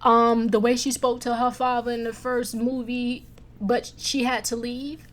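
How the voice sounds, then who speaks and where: A woman reviewing movies in a casual chat, blunt, profane and animated as she rants. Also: a little high, measured pace.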